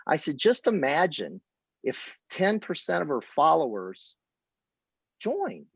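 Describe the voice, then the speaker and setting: In a relaxed training talk, a man teaches how to present a business opportunity through stories and reenacted dialogue. His voice is a little high, slightly rough with vocal fry, swinging widely in pitch at a somewhat slow pace, with no echo.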